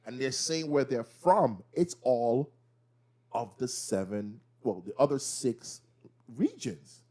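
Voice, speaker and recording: A man co-hosting a casual pop-culture chat, retelling TV scenes with animated, acted-out quotes. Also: medium pitch, slow. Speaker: podcast co-host.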